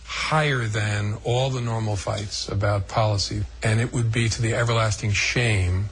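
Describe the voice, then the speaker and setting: A man giving slow, deliberate answers in a television interview. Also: lowish voice, steady tone, a bit bright. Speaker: interviewee in a broadcast clip.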